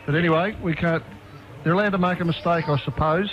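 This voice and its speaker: An Australian man giving measured, folksy comments on a local football match from a commentary box, with frequent hesitations. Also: fairly high pitch, steady tone, dull audio. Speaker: expert co-commentator. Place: commentary box with a window at a ground.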